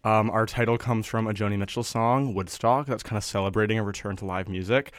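Smooth-voiced man co-host. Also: lowish voice, steady tone, brisk, no room sound, clean studio sound. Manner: friendly, upbeat, easy laughs. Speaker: radio show co-host. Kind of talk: casual radio chat. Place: campus radio studio.

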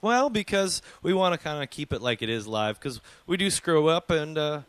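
A man's voice: on the high side, lively intonation, moderate pace, a bit bright, clean tone, dry recording. A man hosting a casual radio show, bantering and joking at his own expense. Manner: self-deprecating, jokey.

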